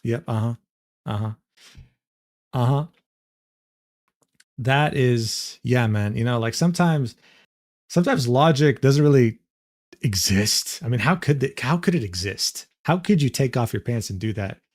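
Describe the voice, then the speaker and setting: Young male streamer, animated mid-range voice, incredulous and profane. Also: medium pitch, moderate pace. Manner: incredulous, swearing, laughs often. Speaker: streamer reacting to a clip. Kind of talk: casual reaction commentary.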